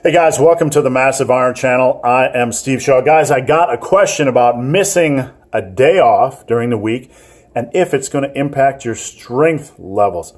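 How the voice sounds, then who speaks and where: A man's voice: medium pitch, normal speed. A man hosting a fitness vlog, giving gym advice in a joking, rambling, self-mocking way. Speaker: fitness channel host.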